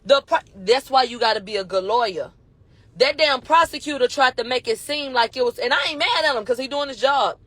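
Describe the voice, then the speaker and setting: Blunt, high-voiced woman telling a story. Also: fairly quick, fairly bright tone, no room sound. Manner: blunt and profane, acts out the quoted dialogue. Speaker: commentator recapping a court case. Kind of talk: casual retelling.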